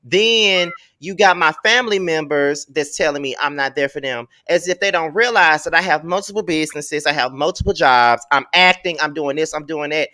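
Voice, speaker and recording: Woman panelist, bright clear voice, dry close sound, heated profane ranting. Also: sits low, normal speed, hardly any pauses, no echo. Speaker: panelist on a reality TV panel show. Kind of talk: heated casual commentary.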